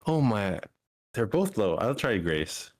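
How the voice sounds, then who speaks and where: A man's voice: fairly low pitch, very animated, slow, no room sound. A man role-playing as a player in a tabletop game, flustered, giggly and stammering.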